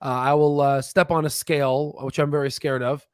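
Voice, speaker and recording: Guy rambling at his desk, lotsa ums, voice a bit high, dry close sound. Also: little pitch movement, moderate pace, smooth, no echo. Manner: rambling, many fillers and restarts, laughs at himself. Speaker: stock channel host. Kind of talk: casual livestream chat. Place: home desk with screen share.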